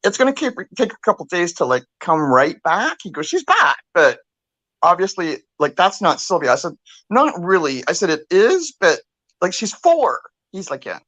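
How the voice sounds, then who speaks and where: An older woman co-hosting a talk show, telling a story in a chatty, animated way, acting out what others said and swearing freely. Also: fairly low pitch, moderate pace, no room sound. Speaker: podcast co-host. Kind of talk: casual storytelling.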